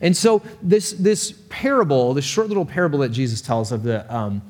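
A man preaching a sermon, telling a story in an animated, conversational way. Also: medium pitch, normal speed, long reverb tail. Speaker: pastor.

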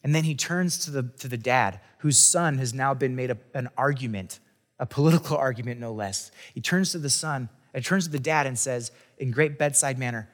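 A man's voice: medium pitch, a little fast, big-room sound. A man preaching a conversational sermon as a pastor, talking casually and chattily with restarts and asides.

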